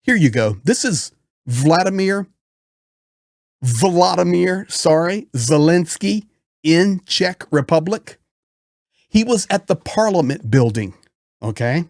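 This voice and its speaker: A man's voice: high-pitched, expressive, slow pace, pauses often, a little mellow, no room sound, clean studio sound. A man giving impassioned political commentary in a frustrated, emphatic way.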